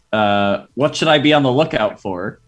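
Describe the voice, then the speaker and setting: A man playing a tabletop game, hesitant and halting, full of uhs. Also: mid-range voice, fairly bright tone. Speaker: player. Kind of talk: casual tabletop play.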